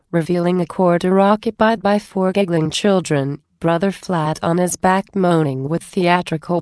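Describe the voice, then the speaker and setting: Slow, low-voiced woman reading a story. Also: no echo, studio quality. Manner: steady, measured. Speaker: narrator. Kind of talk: reading fan fiction aloud.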